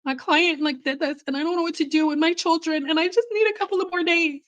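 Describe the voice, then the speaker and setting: A woman's voice: very high-pitched, fairly even intonation, fast, a bit bright, pitched above the performer's own voice. A woman putting on a bubbly, chatty young woman's voice that is different from her usual way of talking. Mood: flustered.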